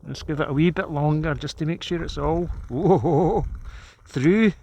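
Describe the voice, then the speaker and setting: A man's voice: fairly high pitch, normal speed, creaky. A Scottish man chatting casually to camera as an outdoor vlogger, savoring a brew outdoors on a cold, windswept hilltop. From Scotland. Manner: relaxed, chatty, savoring each moment. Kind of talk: casual outdoor vlog narration.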